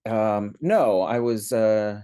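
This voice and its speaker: A man, a teen coach co-hosting a podcast, telling a personal story in a halting, dry, self-mocking way with lots of fillers. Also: lowish voice, dark tone, smooth. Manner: halting, many fillers, dry understated humor. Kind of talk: casual chat, personal storytelling.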